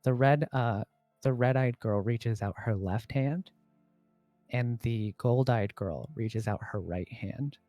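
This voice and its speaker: A man narrates a tabletop game as game master, relaxed and a little hesitant, often pausing with fillers. His voice sits at a middle pitch and sounds dry and close, with faint music underneath. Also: no echo.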